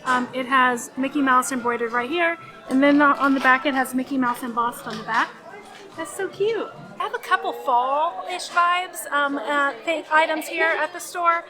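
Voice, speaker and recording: A woman with a high, bright voice chats casually through a shopping vlog, gushing over what she sees. Music plays clearly behind her. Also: moderate pace. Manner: chatty, gushing about merchandise. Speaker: theme park vlogger.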